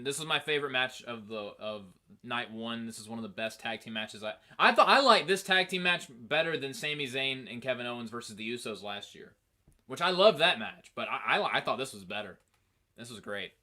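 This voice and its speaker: A man hosting a casual review show, talking in an animated, rambling, profane way. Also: medium pitch, brisk. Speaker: host.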